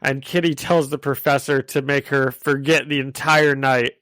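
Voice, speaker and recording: A man's voice: medium pitch, flat delivery, normal speed, fairly bright tone, no room sound. A man co-hosting a casual comic-book podcast, recapping the story and laughing often. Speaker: podcast co-host.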